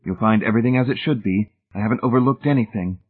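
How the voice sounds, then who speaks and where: A prim and controlling spinster, voiced by a man in an audiobook reading, speaks with calm, chilly composure and quiet pride. The voice sits low and husky. It comes through a narrow, phone-like sound. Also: fast. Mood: quietly proud. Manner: calm, matter-of-fact, quietly proud. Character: prim cold middle-aged spinster woman, controlling.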